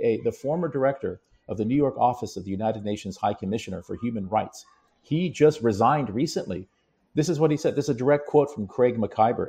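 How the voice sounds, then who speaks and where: A man's voice: medium pitch, mellow, husky. A man in casual commentary who explains background and reads quotes aloud with emphasis. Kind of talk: conversational commentary.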